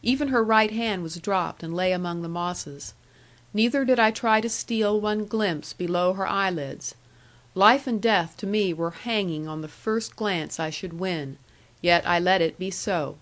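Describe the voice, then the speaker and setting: A woman reading a classic novel aloud in the first person, in a measured, earnest way. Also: on the low side. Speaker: audiobook reader.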